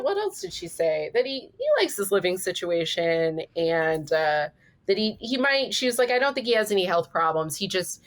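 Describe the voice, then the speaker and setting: Animated woman comedian telling stories. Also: medium pitch. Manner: animated storyteller, swears casually. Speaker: comedian guest. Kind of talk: casual podcast chat.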